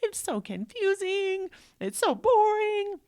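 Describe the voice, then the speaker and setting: A woman voicing her distraught ten-year-old son, pleading tearfully in a high, whiny voice. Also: very animated, slow, darkish tone, heavily acted. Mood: sobbing, distraught.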